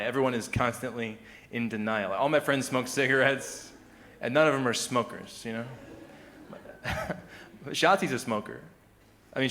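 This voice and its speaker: A man talks through a stand-up comedy set in a loose, conversational way, chuckling at his own jokes and slipping into mock voices for the people he quotes. The voice sits at a middle pitch, with a faint hum of noise behind him. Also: a bit bright. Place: live comedy venue with audience.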